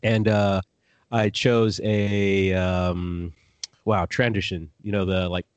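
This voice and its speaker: A man hosting a casual podcast chat in a fairly low voice, recorded very dry and close. He rambles through his stories, swears freely and often laughs at his own jokes. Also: level tone, takes it slowly, smooth, no echo. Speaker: podcast host.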